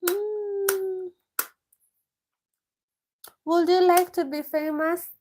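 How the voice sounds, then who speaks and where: High-pitched, slow-talking woman vlogger. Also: a little hiss or hum. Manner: reads questions aloud then answers, laughs often. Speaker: vlogger answering viewer questions. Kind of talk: casual live-stream Q&A. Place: village home.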